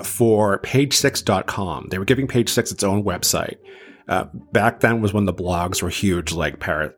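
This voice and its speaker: A man in his thirties, from south of Boston, hosting a podcast and telling a story in a chatty, self-deprecating way with many fillers. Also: lowish voice. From south of Boston, USA. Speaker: podcast host.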